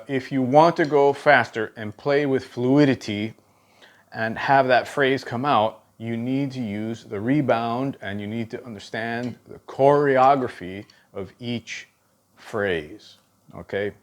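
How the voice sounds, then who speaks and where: A man giving a drum lesson, counting beats aloud and often checking in with "okay". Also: lowish voice. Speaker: drum instructor. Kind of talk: teaching drum technique.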